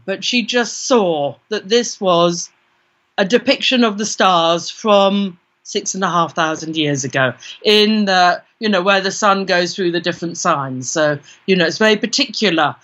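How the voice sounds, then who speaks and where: A British woman tells a personal story as an interview guest. Her voice is bright and forceful, and she brings the tale to life by quoting her own thoughts. The sound is dull and lo-fi. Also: lowish voice. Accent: British English. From Britain. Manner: vivid first-person storytelling with quoted inner voices. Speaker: guest, parapsychologist. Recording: dull lo-fi recording.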